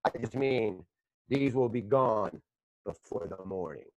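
A man's voice: on the low side, expressive, unhurried, a little mellow, lo-fi sound, a little hiss or hum. A man hosting a podcast, rambling through profane stories in casual chat on a close mic. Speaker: podcast host.

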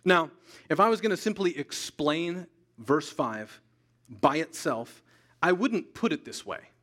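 A man preaching a sermon as pastor, emphatic, repeating key lines slowly for weight. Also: a little high, animated, a bit bright. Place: church sanctuary.

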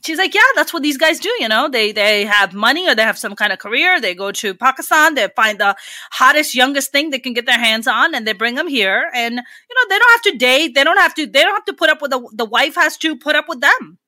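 A woman's voice: high voice, animated, fairly quick, pushed and bright, dry recording. A woman co-hosting a casual chat, telling stories bluntly with crude jokes and mimicked voices.

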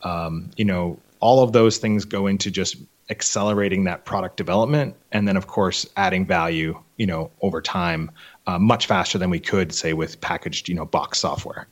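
A man, a software company CEO, talking casually as an interview guest, rambling with many fillers. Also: low-pitched, moderate pace, muffled recording.

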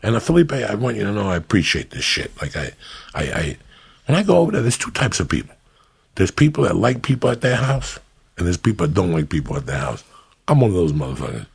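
A middle-aged man from New Jersey hosting a podcast, telling stories in a profane, animated, ranting way. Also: sits low, quick pace, gravelly, husky. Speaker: podcast host. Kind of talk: casual podcast banter.

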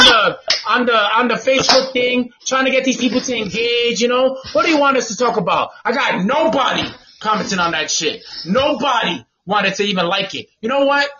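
A man hosting a casual podcast, ranting loudly and profanely with lots of laughter and repetition. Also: extremely high pitch. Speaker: podcast host. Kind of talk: casual comedic rant. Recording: dull lo-fi sound with noise.

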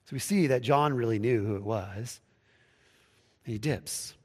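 A pastor giving a conversational sermon, with restarts and acted-out quotes. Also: male voice, medium pitch, a little slow, darkish tone, slightly rough, long reverb tail. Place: church sanctuary, livestreamed.

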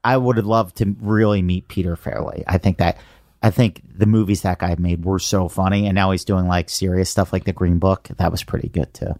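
A man in his forties with a fairly low voice chats casually as a podcast host, telling stories eagerly. The recording is dry and close, with no room sound. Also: steady tone, a little fast, a little mellow, no echo. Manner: enthusiastic storytelling. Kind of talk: casual chat.

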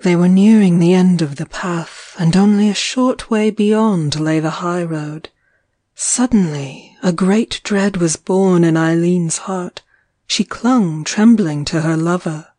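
A woman narrating a story in a measured, lyrical reading. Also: on the low side, warm tone, no room sound. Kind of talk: audiobook narration.

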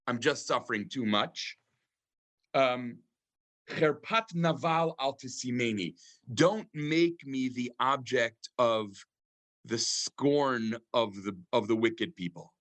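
A man, a rabbi, teaching a class on scripture, reading verses aloud and translating them, with frequent pauses and ums. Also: mid-range voice, a bit bright. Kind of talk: lecture on scripture.

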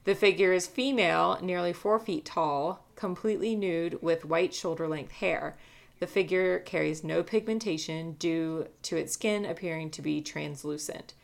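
A woman's voice: lowish voice, moderate pace, gravelly. A woman telling a story in casual chat, with lots of fillers, reading a transcript aloud in parts. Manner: relaxed, many fillers, reads a transcript aloud.

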